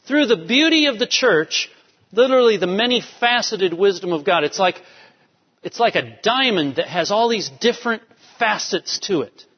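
A man's voice: high voice, expressive, moderate pace, husky. A man preaching a sermon, emphatic, driving home key phrases by repeating them. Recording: dull lo-fi sound with long hall reverb.

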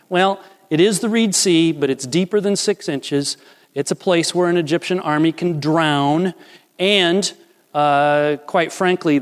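Animated preacher in an echoing hall. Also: male voice, on the high side. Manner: animated, acts out voices of characters. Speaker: pastor. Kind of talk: sermon.

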